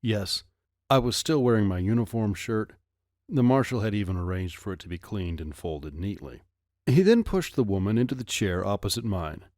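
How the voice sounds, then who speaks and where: A man narrating a first-person adventure audiobook with expressive storytelling. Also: lowish voice, normal speed, no echo, studio quality.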